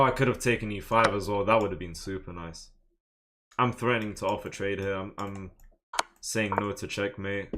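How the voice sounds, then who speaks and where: A man's voice: low voice, heavy background noise. A young man, commentating live on his own online chess game, muttering moves and now and then breaking into exasperated outbursts. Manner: muttering his moves, then bursts into loud frustrated exclamations. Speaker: chess streamer.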